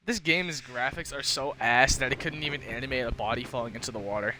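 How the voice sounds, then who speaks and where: A man streaming a game, joking loudly and swearing freely in casual commentary. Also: mid-range voice, fast talker, slight background noise. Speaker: gaming streamer. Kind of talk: casual let's-play commentary.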